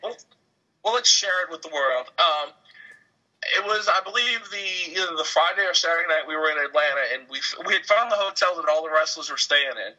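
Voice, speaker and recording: A young man chatting casually, his voice sharp and very bright. He tells stories animatedly and acts out the people in them. The audio is dull and lo-fi. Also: on the high side, fairly quick. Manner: animated storyteller, acts out quotes. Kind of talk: casual chat.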